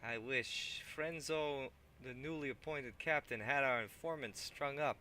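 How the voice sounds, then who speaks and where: A man's voice: medium pitch, unhurried, sharp tone, a little hiss or hum, pitched above the performer's own voice. A man voicing a big, pockmarked male gang leader from a video game, brash and boastful, with a put-on accent that keeps drifting. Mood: grumbling. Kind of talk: reading game dialogue aloud.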